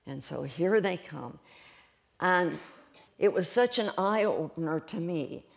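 A woman with a gravelly, creaky voice preaches a sermon. She tells her stories in an animated way and breaks into laughter often as she goes. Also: on the low side, slow pace. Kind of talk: sermon storytelling.

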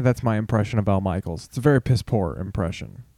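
A man's voice: on the low side, fast talker, mellow, no echo, studio quality. A man hosting a podcast, rambling through a casual sports monologue with heavy swearing. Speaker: podcast host.

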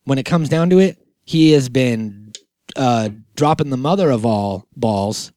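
A man chatting on a podcast, keeping his jokes deadpan and rambling through them with plenty of fillers. His pitch sits in an ordinary middle range. The sound is close and dry, with no room around it. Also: a little slow, no echo. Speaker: podcast host. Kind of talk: casual comedic chat.

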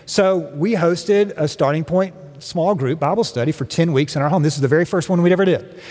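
A man's voice: a little high, brisk, a little mellow. Reverberant storytelling sermon from a man. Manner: conversational storytelling with humor. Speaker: guest speaker. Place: church sanctuary. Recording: long reverb of a large hall.

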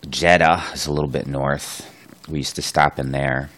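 A man's voice: very deep voice, fairly even intonation, moderate pace, fairly bright tone. A man co-hosting a podcast, telling diving stories in a laid-back way and laughing often. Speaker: podcast co-host, diver. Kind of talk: casual chat.

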